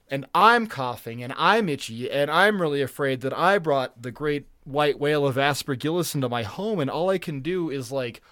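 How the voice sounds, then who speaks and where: A man on a casual podcast who talks with a fairly high voice, rambling along with frequent restarts and swearing. The sound is dry and close, with no room around it. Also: fairly bright tone, no room sound. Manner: rambling, profane, with many restarts. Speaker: podcast co-host. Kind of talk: casual chat.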